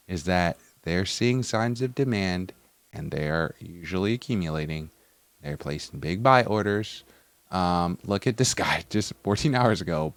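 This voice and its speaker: A man giving casual, animated crypto market commentary to his viewers, swinging between loud and soft. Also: deep voice, no room sound. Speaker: crypto YouTuber.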